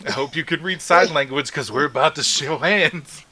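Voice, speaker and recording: A man's voice: a little high, normal speed, bright, forceful tone, breathy edge. A man running a tabletop game as game master, laid-back and often laughing as he makes rulings.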